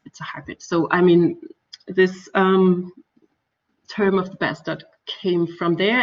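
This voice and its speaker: A woman with a Danish accent, a native Danish speaker, giving an academic architecture talk with many fillers and restarts. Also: on the low side. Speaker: architecture lecturer. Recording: distant dull lo-fi recording.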